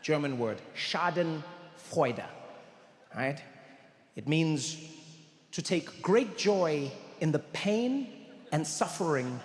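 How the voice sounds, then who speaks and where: Animated stand-up comedian. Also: male voice, a little high, slow pace. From South Africa. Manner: animated and confident, with bursts of loud emphasis. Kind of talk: stand-up storytelling. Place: large live venue. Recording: live show with long hall reverb.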